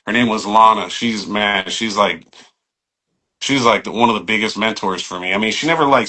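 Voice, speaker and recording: Bright-voiced man telling stories. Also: fairly low pitch. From San Jose, California. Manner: animated, profane, acts out quoted speech, many fillers like "you know what I mean". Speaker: podcast guest, barber. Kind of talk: casual storytelling conversation.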